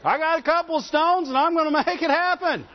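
A man's voice: very high voice, fairly quick, voice pushed up. A man preacher voicing a proud, angry king who brags and protests indignantly. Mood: boastful. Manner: bragging, indignant outbursts. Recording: dull sound with long hall reverb.

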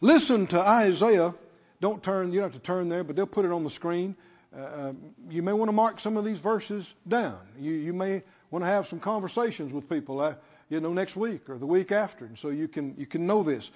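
A man's voice: high voice, animated, moderate pace, a little mellow. A man preaching a sermon as pastor, leading call-and-response and repeating phrases with emphasis. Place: church sanctuary. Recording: long reverb, dull lo-fi sound.

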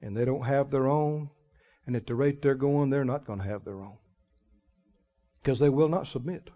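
A man preaching a sermon as pastor, folksy and emphatic, with sudden loud swells and drawn-out words. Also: mid-range voice. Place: church sanctuary. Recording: muffled recording in a reverberant church hall.

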